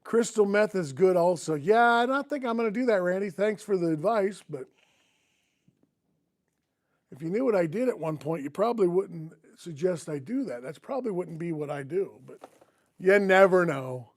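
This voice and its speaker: High-voiced folksy man. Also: lively intonation, moderate pace. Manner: folksy storytelling with chuckles. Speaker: host of a garage livestream. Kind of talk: casual livestream chat with viewers.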